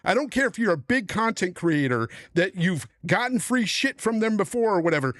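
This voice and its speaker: A man's voice: high voice, very animated, moderate pace, hardly any pauses, a bit bright, no echo, studio quality. A middle-aged man hosting a podcast panel, on a heated, profane rant about the industry. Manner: angry, profane, emphatic ranting. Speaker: podcast host.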